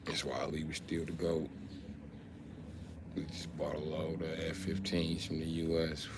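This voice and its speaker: A man's voice: very deep voice, completely flat delivery, a little slow, a little hiss or hum. A man riffing profanely on a livestream, switching between bits as he talks. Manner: profane, riffing, jumps in and out of voices. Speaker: comedian streamer.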